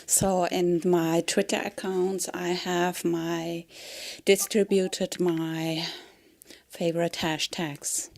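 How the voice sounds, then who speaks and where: A woman giving a rambling comedic monologue in a halting way, often dropping into a whisper and breaking into giggles. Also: fairly low pitch, little pitch movement, gravelly, a bit bright. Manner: slow, halting delivery that drifts into whispers. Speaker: vlogger.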